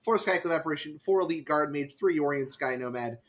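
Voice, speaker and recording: A man hosting a casual card game podcast, animated, laughing often and quickly correcting himself. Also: a little high. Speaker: podcast host. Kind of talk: casual chat about card game results.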